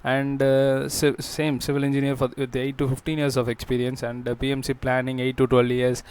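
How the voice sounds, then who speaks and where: A man hosting a job-listings channel, talking through a screen walkthrough in a halting way with frequent fillers and restarts. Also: mid-range voice, completely flat delivery, a little mellow, smooth.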